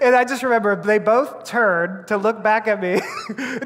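A man preaching a sermon as a pastor, telling a story with lively acted-out voices and frequent laughter, in a church. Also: high voice, normal speed. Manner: animated storyteller, acts out voices, laughs often. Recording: long hall reverb.

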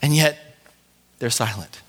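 A male pastor delivering an impassioned sermon, speaking straight to his congregation and swinging between quiet gravity and rising urgency. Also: mid-range voice, unhurried. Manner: impassioned preaching, rising and falling intensity; direct address to congregation as "beloved".

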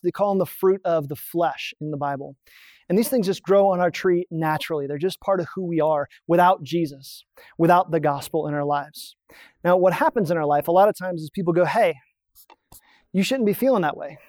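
A pastor talks a congregation through a diagram in a relaxed, conversational sermon. The voice sits in a middle register and is recorded dry and close, with no room echo. Questions are posed and then answered in a plain teaching manner. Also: medium pitch. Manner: explains points on a drawn diagram, asks rhetorical questions.

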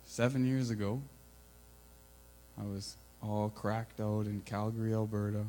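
A man giving an informal, earnest sermon, building to loud emphatic peaks, with a mains hum behind him. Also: lowish voice, flat delivery, unhurried, low-quality recording. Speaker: preacher.

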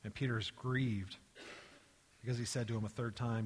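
Animated male preacher in an echoey hall. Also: on the low side, fairly quick, a little hiss or hum. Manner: animated storytelling, acting out dialogue, dropping to hushed tones. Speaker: pastor. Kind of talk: sermon.

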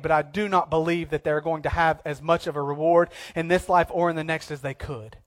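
A man preaching a sermon as pastor, moving between hushed, low passages and emphatic, repeated declarations.

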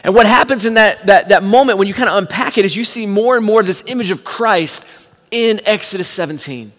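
A man preaching a sermon, telling the story with animated swings from hushed to shouting. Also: high-pitched, fairly quick, in a large hall. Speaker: pastor.

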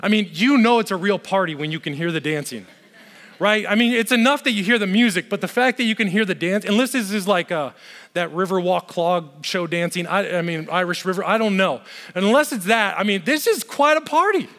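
High-pitched guy preaching, punchy repeats, lots of "i mean" asides, big echoey hall. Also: fairly quick, a bit bright. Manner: emphatic, repetitive, conversational asides. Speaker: pastor. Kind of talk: sermon. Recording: long hall reverb.

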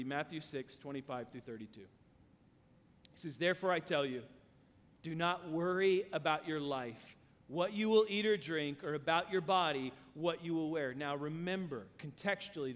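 A male pastor preaching and telling a story, his voice swinging from loud, high exclamations to quiet, low passages. His pitch sits high for a man. A long hall reverb trails after every phrase. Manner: animated storyteller, voice rising and dropping with the tale. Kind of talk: sermon with storytelling.

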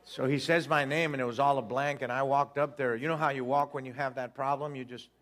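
Man in his sixties preacher telling a story from the pulpit, lively, acts out the voices, teases the congregation, mid-pitched voice. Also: fairly quick. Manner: animated, acts out dialogue, jokes with the congregation. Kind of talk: storytelling sermon.

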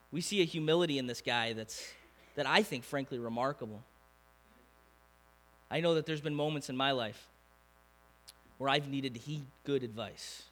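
Man preaching, lively conversational sermon, slightly higher voice. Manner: animated, conversational preaching with rhetorical questions to the crowd. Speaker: pastor.

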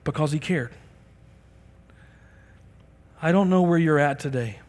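Guy preaching in church, kinda high voice, tells stories and acts out the people, big hall echo. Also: quick pace. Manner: animated storytelling, acting out quoted people. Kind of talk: sermon. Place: church sanctuary during a service. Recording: long reverb of a large hall.

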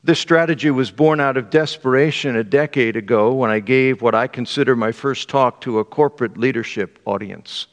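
A man preaching a sermon and reading an excerpt aloud, with a measured, deliberate delivery. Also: medium pitch, in a large hall. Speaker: pastor.

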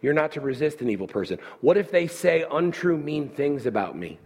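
A man preaching a sermon with animated delivery who voices the listeners' objections as questions. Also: a little high, fairly quick, breathy edge. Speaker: pastor.

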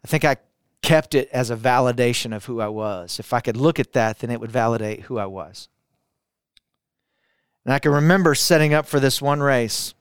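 A man's voice: medium pitch, moderate pace, clear, resonant tone, no echo, studio quality. Intense man telling a personal testimony. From Arkansas, US. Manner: intense, builds with repetition, drops quiet for emphasis. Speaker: speaker sharing a personal testimony. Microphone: camera, speaking to it.

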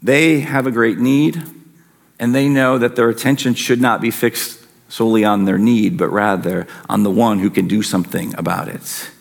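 A man's voice: fairly low pitch, fairly even intonation, moderate pace, creaky. A man preaching a sermon as a pastor, earnest and emphatic, his intensity rising and falling.

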